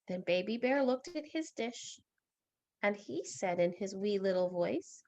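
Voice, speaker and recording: A woman teacher reading a story aloud in a lesson, expressive and asking questions. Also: medium pitch, a little slow.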